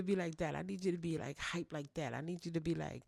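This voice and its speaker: A woman's voice: on the low side, a little fast, creaky, hardly any pauses, darkish tone, no room sound, clean studio sound. A woman hosting a talk show for single mothers, giving casual, teasing advice and clowning around as she talks straight to her listeners. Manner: playful, teasing, clowning, with direct address. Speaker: podcast host.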